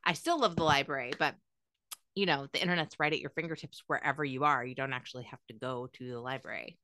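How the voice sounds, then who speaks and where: A woman's voice: extremely low pitch, fast talker, sharp tone, a little hiss or hum. A woman hosting a podcast, chatting casually in a rambling way and laughing often. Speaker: podcast host. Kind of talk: casual chat.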